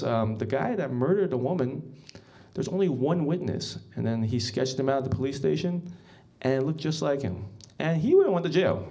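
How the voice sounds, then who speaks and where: A man's voice: mid-range voice, vocal fry, mellow. A man doing a stand-up comedy set as emcee, rambling and self-mocking, chuckling at his own jokes.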